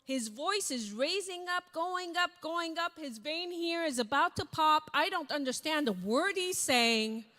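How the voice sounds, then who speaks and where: A woman's voice: sits high, measured pace, few pauses. A woman speaker on stage telling a story with energy and acting out the voices of people she quotes. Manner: animated, acts out quoted voices. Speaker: keynote speaker. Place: large event hall. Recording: reverberant hall.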